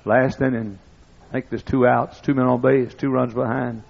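An older man preaching a sermon, telling folksy stories that build up to excited shouting. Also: medium pitch, normal speed, creaky. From East Texas. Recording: dull lo-fi recording.

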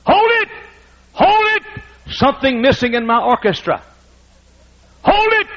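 A man's voice: very high-pitched, very animated, unhurried, highs cut off, pitched above the performer's own voice, heavily acted. An older man voicing God as a commanding conductor who halts an orchestra with urgent commands.

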